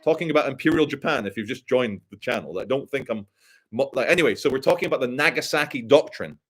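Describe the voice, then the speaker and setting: A man's voice: mid-range voice, fast talker, husky. A man giving loose, crude commentary on a live stream, reading out donations and chat as he goes. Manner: crude, rambling, animated storytelling.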